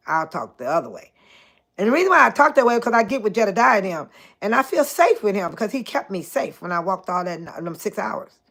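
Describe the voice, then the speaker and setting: An older woman with a mid-range voice hosts a casual live chat, addressing viewers directly by name. She's chatty and animated and laughs often.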